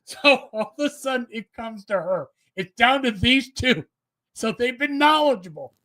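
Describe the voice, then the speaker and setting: A man with a bright, clear timbre telling a rambling anecdote on a casual talk show. He trails into restarts and laughs his way through the punchlines. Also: extremely high pitch, lively intonation, normal speed. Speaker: co-host. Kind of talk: casual storytelling chat.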